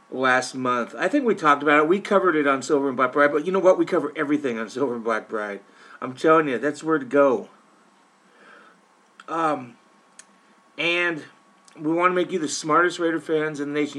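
An opinionated man hosts a sports podcast in a casual monologue, speaking straight to his listeners. His voice sits a bit high for a man, and he often restarts and repeats words as he pushes his points. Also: a bit bright. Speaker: podcast host covering a football team.

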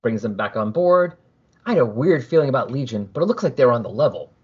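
A man's voice: mid-range voice, quick pace, breathy edge, highs cut off. A man casually recapping a story for a podcast, acting out the characters' dialogue as he goes. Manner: animated, jokey, acts out the dialogue.

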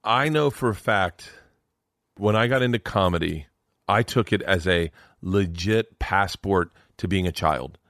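A man's voice: deep voice, no room sound, studio quality. A middle-aged man, a stand-up comedian, telling stories on a podcast and acting out the people in them. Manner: fast, animated storyteller acting out quoted voices. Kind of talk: casual podcast storytelling.

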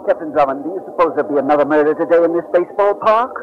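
A man's voice: fairly high pitch, rapid-fire, lightly acted. An actor in 1940s radio acting, playing an earnest, polite young sidekick who calls his boss sir. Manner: earnest, deferential, says "sir". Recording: dull, hissy old radio recording.

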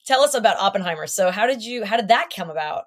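Quick, playful woman host. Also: mid-range voice, lively intonation. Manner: playful, teasing, laughs. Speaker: podcast co-host. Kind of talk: casual interview chat.

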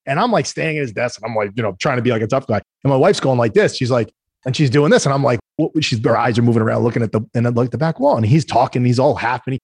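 A man, a guest entrepreneur telling animated stories in a casual interview, acting out the voices of the people he quotes. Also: mid-range voice, very fast, breathy edge, no room sound, studio quality. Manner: animated storyteller, acts out quoted voices, frequent "right?".

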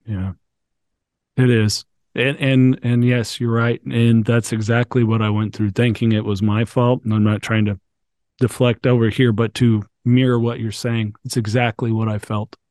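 A man's voice: medium pitch, flat delivery, moderate pace, darkish tone, no room sound. Male podcast host, earnest and affirming, dry close sound. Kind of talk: casual conversation.

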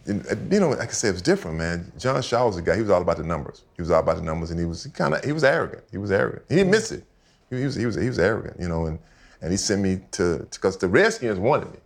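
Older ex-athlete guest with a low, gravelly voice; chatty, repetitive, animated storyteller. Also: male voice, rapid-fire. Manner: animated storyteller, repeats himself, acts out quotes. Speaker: guest, retired football player. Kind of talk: casual storytelling chat. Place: house set for a podcast.

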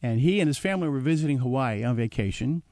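Older male storyteller, animated, chatty, dry close recording. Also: medium pitch, fast talker, no echo. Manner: animated anecdote with acted quotes and chuckles. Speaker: guest telling his life story. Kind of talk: casual storytelling.

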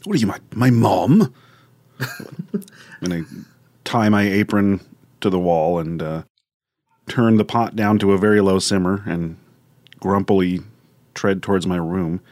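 A man's voice: sits low, unhurried, pauses often, darkish tone, dry recording, studio quality. A man playing a tabletop game, joking and narrating what his character does. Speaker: player. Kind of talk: casual tabletop game play.

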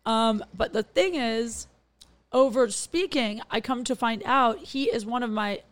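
A woman in her thirties hosting a casual podcast chat, telling a dating story in a chatty, meandering way outdoors in bright sun. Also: on the high side, unhurried. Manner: chatty storyteller, trails off and restarts. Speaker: podcast host.

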